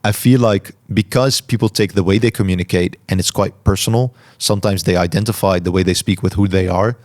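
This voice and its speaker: A man hosting a podcast, answering listener questions in a calm, reflective way and articulating each word carefully. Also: low voice, fairly quick. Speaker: podcast host. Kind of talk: solo Q&A talk.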